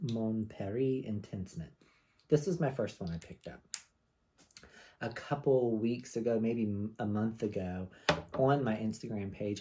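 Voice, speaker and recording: A man's voice: on the low side, dark tone. A man in his mid-thirties reviewing fragrances in casual, rambling home-studio chat with frequent asides. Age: 30s.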